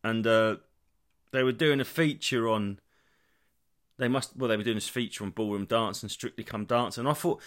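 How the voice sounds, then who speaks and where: A man in his thirties hosts a solo rambling comedy podcast, telling meandering stories with lots of swearing and animation. His pitch is fairly low and his pace moderate.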